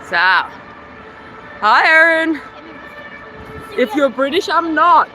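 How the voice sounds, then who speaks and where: Bright high-voiced German woman streaming outdoors. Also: big pitch swings, very slow, poor audio. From Berlin, Germany. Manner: chatty, greets viewers, many "like" fillers. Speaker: livestreamer. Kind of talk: casual live-stream chat while walking. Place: outdoors on city streets. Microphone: phone on a selfie stick. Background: faint street and traffic noise.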